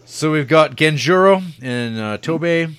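A man's voice: on the high side, animated, a little slow, a bit bright, clean tone, dry recording. A man hosting a casual film review podcast, rambling and joking as he sums up the story. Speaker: podcast host.

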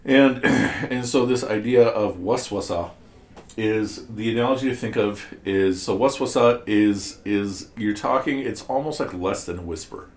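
A man with a fairly low voice speaks a little slowly in a reverberant space, teaching a class about scripture. He breaks ideas down step by step and asks his students questions, with many restarts along the way.

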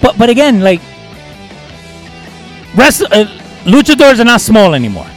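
An older man co-hosting a podcast in loose, animated casual chat, swearing freely and tossing in Spanish phrases. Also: sits high, moderate pace, faint music behind. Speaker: podcast co-host.

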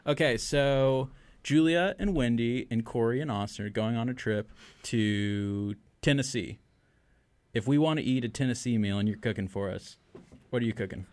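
A man's voice: mid-range voice, moderate pace, a little mellow, no echo. A man hosting a casual interview, asking playful quiz-style questions. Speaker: podcast host.

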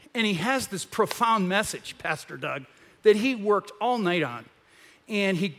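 A man preaching a conversational sermon as pastor in a church, telling a story with animated retellings. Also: high-pitched. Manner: animated storytelling, acts out quoted voices.

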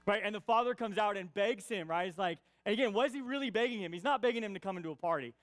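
Speaking rapid-fire in a high, somewhat bright voice, a pastor gives a chatty sermon with no room sound. He punctuates his points with "right?" to engage listeners and says key lines more than once for emphasis.

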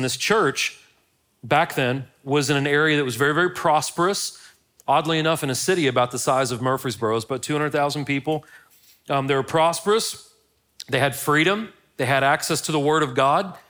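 A man's voice: mid-range voice, a bit bright. A middle-aged man, a pastor opening his sermon with a chatty, self-deprecating story before moving into the teaching.

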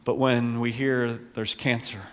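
A man's voice: mid-range voice, level tone, slow, a bit bright, clear, resonant tone, long reverb tail. A man preaching a sermon in an earnest way that rises to passionate emphasis. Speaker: pastor.

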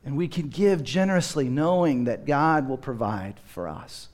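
A man's voice: medium pitch, animated, moderate pace. A man preaching a sermon as pastor, telling stories with humor and acting out children's voices.

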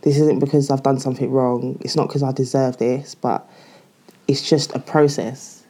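Woman, low voice, candid chatty storytelling, lots of "like". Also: steady tone, normal speed, dark tone. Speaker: guest. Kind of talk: casual podcast chat.

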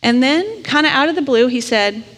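Woman preacher telling a story, chatty and candid, kinda high voice, big echoey church. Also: expressive, moderate pace, fairly bright tone. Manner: conversational, candid and self-deprecating. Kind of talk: storytelling sermon. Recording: long reverb of a large hall.

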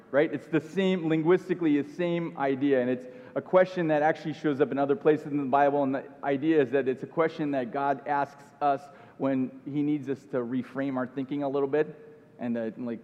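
A man's voice: mid-range voice, fairly even intonation, moderate pace. Man, pastor, earnest sermon, repeats phrases, dull lo-fi sound. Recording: dull sound with long hall reverb.

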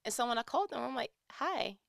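A young adult woman in casual chat, animated and teary as she tells personal stories and acts out quoted lines. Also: on the high side, fast talker, gravelly, no room sound, studio quality. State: tearing up.

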